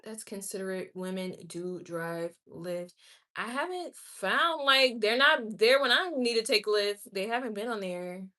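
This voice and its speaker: Bright-voiced woman livestreaming. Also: medium pitch. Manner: chatty and candid, with quick laughs and exclamations. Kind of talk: casual live chat reading viewer comments.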